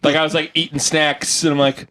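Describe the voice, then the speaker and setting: A man's voice: a little high, little pitch movement, fairly quick, fairly bright tone, a little hiss or hum. A man chatting casually on a podcast, laughing often and acting out characters as he tells stories. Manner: laughs often, acts out game characters in quotes. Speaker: podcast host. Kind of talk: casual chat.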